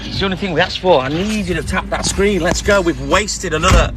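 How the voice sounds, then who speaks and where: A hoarse man chatting calmly to viewers on a live stream from inside his van. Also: fairly quick, music in the background. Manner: keeping his voice calm and low, chatting to viewers. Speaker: livestreamer. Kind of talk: casual live-stream chat.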